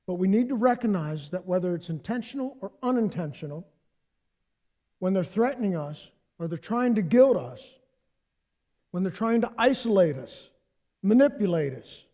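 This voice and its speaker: A man preaching a sermon as pastor, animated and playful, talking directly to the congregation. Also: high voice, moderate pace, long pauses, dull audio.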